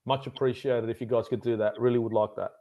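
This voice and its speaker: A man's voice: medium pitch, steady tone, quick pace, phone-quality sound. A man co-hosting a live football watchalong, teasing his partner in blunt, sweary banter. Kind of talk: casual live match chat.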